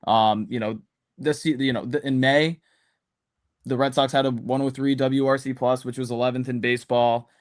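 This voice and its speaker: A man's voice: medium pitch, fairly even intonation, normal speed. A man talking through sports opinions in casual commentary, rambling and full of "um" and "you know" fillers. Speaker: podcast panelist.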